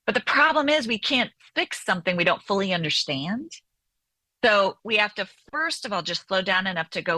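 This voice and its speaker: A woman's voice: mid-range voice, big pitch swings, normal speed, pushed and bright, dry recording. A woman therapist and author being interviewed on the radio, explaining animatedly and often checking in with "right?".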